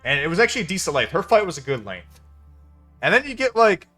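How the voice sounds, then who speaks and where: A man's voice: sits high, very animated, fast talker, bright, forceful tone, faint music behind. A man giving a casual spoken film review, venting in an exasperated, profane way. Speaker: movie reviewer.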